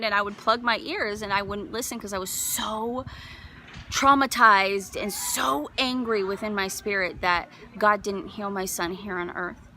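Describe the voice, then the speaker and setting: A woman's voice: mid-range voice, fairly even intonation, normal speed, sharp tone, a little hiss or hum. A bereaved mother giving a personal faith testimony, earnest and emotional, rising to fervent conviction.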